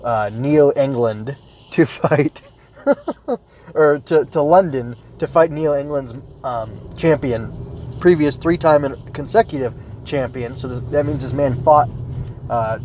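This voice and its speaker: On a solo anime review podcast, a man talks casually in a medium-pitched, slightly mellow voice, thinking aloud and wandering into tangents with plenty of filler words. The recording is muffled with a bit of hiss or hum, and smooth jazz plays in the background.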